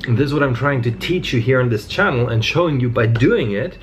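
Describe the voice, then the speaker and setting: A man's voice: mid-range voice, animated, brisk, a little hiss or hum. A man in his mid-thirties chatting loosely to camera in a fitness vlog, telling stories and swearing freely. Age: 30s. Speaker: fitness vlogger. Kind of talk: casual vlog chat.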